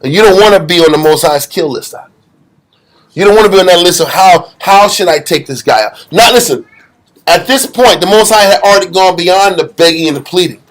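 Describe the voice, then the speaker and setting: Blunt high-voiced man preaching. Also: brisk. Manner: blunt, emphatic, streetwise with slang. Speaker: teacher leading a scripture study. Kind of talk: informal Bible study sermon.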